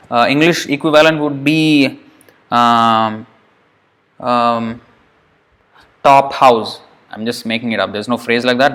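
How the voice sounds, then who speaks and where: A man's voice: medium pitch, fairly bright tone. Patient man teaching sound by sound. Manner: demonstrates sounds slowly and repeats them; patient, explanatory, with light asides. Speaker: Sanskrit teacher. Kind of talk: pronunciation lesson.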